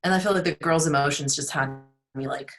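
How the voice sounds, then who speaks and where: A woman's voice: sits low, fast, fairly bright tone. A woman in casual video call chat with her book club, rambling and searching for words.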